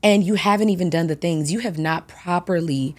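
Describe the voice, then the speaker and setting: A woman hosting a podcast, chatting casually with features, telling stories in an animated way and acting out what people say. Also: on the low side, fairly quick, slightly rough. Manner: animated storytelling, acts out quotes, laughs often. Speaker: podcast host. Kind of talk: casual chat.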